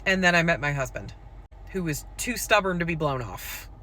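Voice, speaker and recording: A woman's voice: fairly low pitch, expressive, moderate pace, pushed and bright. A woman with school-age children telling a personal story to camera, frank and conversational, full of "like" and "um". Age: adult with school-age children. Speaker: poet and content creator.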